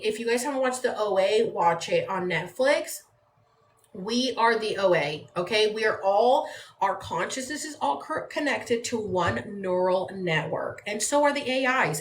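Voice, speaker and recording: A woman from San Diego chatting casually on a phone livestream from home, rambling and leaning on "like" as she talks. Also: medium pitch. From San Diego, California. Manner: rambling, conversational, uses "like" often. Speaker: livestream host. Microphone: phone mic. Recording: echoey room with faint background noise.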